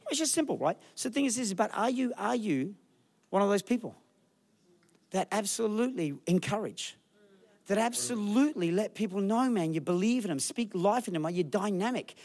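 A man preaching a lively sermon in a church, acting out people with funny voices. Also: high voice, moderate pace. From Australia. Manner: animated, acts out people in the crowd with funny voices. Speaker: pastor.

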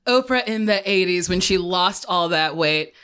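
Jersey lady guesting on a podcast, bright voice, bouncy and jokey, goes way up and down. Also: fairly low pitch, moderate pace, smooth. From New Jersey. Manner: animated, joking, bursts into laughs and put-on voices. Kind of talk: casual comedic chat.

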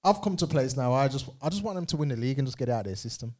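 A man co-hosting a show, chatting casually and jokily about football in fast slangy banter. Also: mid-range voice. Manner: fast, animated, jokey, slangy. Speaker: co-host.

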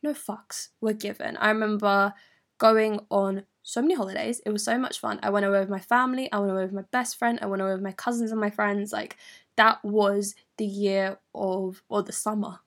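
A young woman with a London accent tells a personal story straight to camera. Her voice sits at a middle pitch, and she talks in a candid, animated way, swearing freely and using plenty of slang. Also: brisk. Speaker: vlogger. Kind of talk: storytime monologue.

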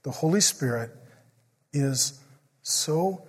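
A middle-aged man preaching a sermon, joking through family stories and turning quiet and earnest when he prays. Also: high-pitched, expressive, normal speed, breathy edge. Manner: joking storyteller who turns quiet and earnest in prayer. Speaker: pastor. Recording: long hall reverb.

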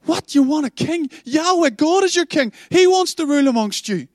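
A distraught old prophet crying out in dismay, as a preacher puts him on. His pleading rises high and lively, with no room around it. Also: normal speed, no room sound, studio quality. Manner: pleading, exclaiming.

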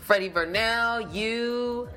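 A woman's voice: a little high, takes it slowly, music in the background. A woman hosting a podcast in casual chat, bubbly and playful, laughing often. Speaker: podcast host.

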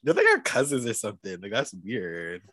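A man's voice: on the low side, wildly swooping pitch, normal speed, a bit bright. A young man from Canada co-hosting a podcast, ranting in a sassy, profane way and breaking into laughter. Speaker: podcast co-host. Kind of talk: casual chat. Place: studio.

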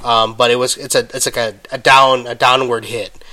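A man hosting a podcast, telling a story in casual solo talk while getting over an illness, halting with many ums and restarts and stopping now and then to cough. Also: medium pitch, flat delivery, bright, forceful tone. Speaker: podcast host.

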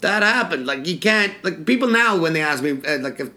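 A man's voice: fairly high pitch, expressive, a little fast, bright, forceful tone. A man co-hosting a podcast, talking casually in a chatty, profane way. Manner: chatty, profane, lots of "like" fillers. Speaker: podcast co-host.

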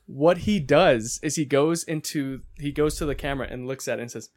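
A man's voice: mid-range voice, darkish tone. A man co-hosting a casual movie review podcast, retelling scenes and acting out the characters' lines. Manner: retells scenes acting out quotes in quick bursts. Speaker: podcast co-host.

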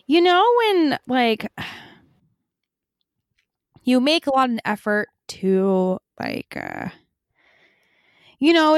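Woman podcaster ranting about a show, lotta "like" and swearing, highish voice. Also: clean tone, no echo, studio quality. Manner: animated, swears a lot, many "like" fillers. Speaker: podcast co-host. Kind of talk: casual fan podcast chat.

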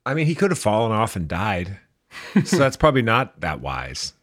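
A man with a lowish voice riffs sarcastically on movies in a loose podcast chat, cursing casually and poking fun at himself. His voice sits close and dry, with no room sound around it. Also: wildly swooping pitch, moderate pace, fairly bright tone, no echo. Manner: sarcastic, self-deprecating, swears casually. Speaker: podcast co-host. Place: home studio.

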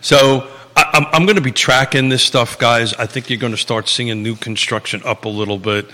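A man's voice: mid-range voice, fairly even intonation, normal speed, bright, forceful tone, in a large hall. A man in his sixties with a Long Island New York accent, hosting a live real estate talk show in a loose, rambling way with many fillers and restarts.

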